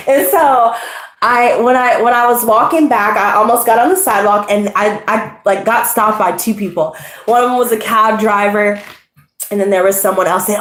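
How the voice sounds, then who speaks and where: A woman hosting her channel, telling a casual story to a live audience, animated and laughing, full of profanity and slang. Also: a little high, fairly quick, reverberant, slight background noise. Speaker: tarot channel host.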